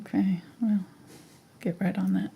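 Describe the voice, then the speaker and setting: A woman's voice: mid-range voice, level tone, measured pace, gravelly, warm tone, husky. A woman hosting a live painting lesson, easygoing and laughing often as she chats. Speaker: painting instructor. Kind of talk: live painting stream chat.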